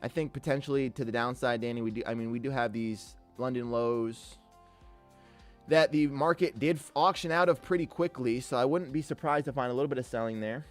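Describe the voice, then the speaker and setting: A relaxed man streaming his trading session, mid-pitched and easygoing, cheerfully calling out names from the chat between chart notes. Faint music plays behind him. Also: fairly quick. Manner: laid-back, upbeat, greets chatters as king and brother. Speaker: live-streaming day trader. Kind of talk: live trading commentary with chat shout-outs.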